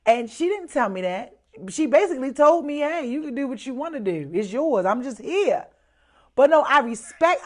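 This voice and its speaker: A woman chatting as a guest on a casual live show, animated, laughing often and repeating her words for emphasis. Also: sits high. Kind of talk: casual live-stream chat.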